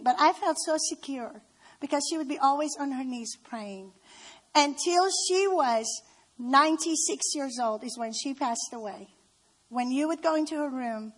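A woman with a high-pitched voice tells stories of her family in a personal testimony talk. She speaks heartfelt and unhurried, leaning on key words. She is middle-aged. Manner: heartfelt, storytelling with slow emphasis. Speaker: speaker at a women's gathering.

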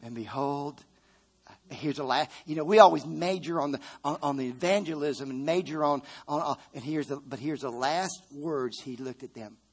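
A man's voice: fairly high pitch, normal speed, slightly rough. A middle-aged male pastor delivering a fervent sermon. His voice sits a little above the usual male range. He keeps calling on the congregation to answer and hammers key phrases home by repeating them. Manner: fervent preaching with call-and-response to the congregation; repeats phrases for emphasis, with frequent restarts.

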